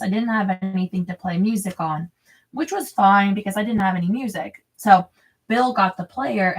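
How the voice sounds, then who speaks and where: A woman reads a memoir aloud and keeps wandering off into crude, rambling chatter between passages. Her voice sits a little away from the microphone, so it sounds slightly distant. Her pitch stays in a middle range. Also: a bit bright. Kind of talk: reading a memoir aloud with off-script asides. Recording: voice a bit distant from the mic.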